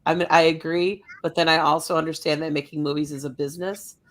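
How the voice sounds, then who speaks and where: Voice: mid-range voice, level tone, fast, a bit bright. A podcast co-host in a casual panel discussion, making points through rhetorical questions and "you know what I mean". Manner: conversational, argues with rhetorical questions.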